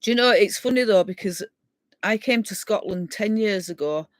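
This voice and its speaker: A woman's voice: mid-range voice, normal speed, dry recording. Chatty Yorkshire woman rambling on a live stream. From England. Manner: rambling and chatty, laughing as she reads out comments. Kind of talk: casual live-stream chat with viewers.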